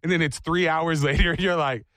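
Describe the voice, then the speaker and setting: A man's voice: fairly high pitch, fairly even intonation, a little fast, fairly bright tone, no room sound, studio quality. A man hosting a morning radio show, joking playfully and slipping into silly voices. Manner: playful, acts out silly dog and owner voices.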